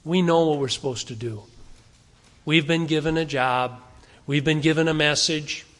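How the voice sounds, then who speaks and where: A man's voice: a little high, moderate pace, a bit bright, in a large hall. A male pastor delivering a sermon to his congregation, exhorting them earnestly and asking rhetorical questions.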